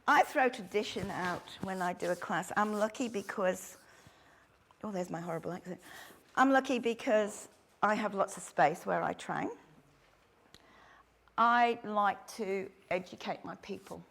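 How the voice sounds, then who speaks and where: Middle-aged aussie lady talking dog training to a class, chatty and lively. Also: medium pitch, unhurried, creaky, long pauses. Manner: chatty, animated, acts out little quotes. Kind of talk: workshop talk to instructors.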